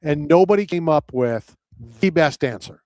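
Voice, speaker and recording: A man's voice: a little high, lively intonation, normal speed, a little mellow, no room sound. A man hosting a talk radio show, telling rambling stories in casual chat. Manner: rambling storyteller, acts out voices in anecdotes.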